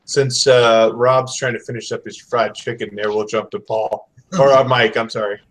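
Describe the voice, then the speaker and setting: A man's voice: mid-range voice, little pitch movement, moderate pace, fairly bright tone. A man hosting a casual podcast, moderating the panel in an easygoing, self-deprecating way. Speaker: host.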